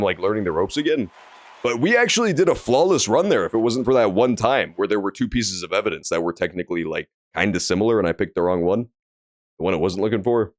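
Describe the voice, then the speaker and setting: A man streaming a game, talking excitedly and profanely and mock-scolding his chat. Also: fairly low pitch, no room sound. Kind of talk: let's play commentary.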